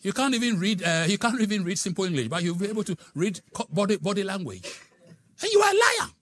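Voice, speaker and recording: A middle-aged man preaches with a bright, forceful voice. His pitch leaps and falls all through the sermon, sliding from hushed asides into loud, dramatic exclamations. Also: lively intonation, fast talker. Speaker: pastor.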